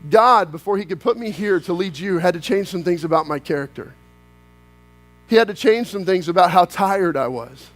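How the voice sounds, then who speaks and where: A man with a high, light voice delivers a church sermon. He tells his story with drama, acts out the lines of dialogue, and moves between slow emphatic phrases and quick bursts. Soft music plays faintly behind him. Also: animated. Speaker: pastor.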